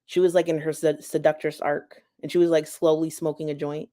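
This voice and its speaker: A woman hosting a drama commentary channel, telling the story in a casual, gossipy way with quick asides. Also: low-pitched, little pitch movement, mellow. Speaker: commentary host.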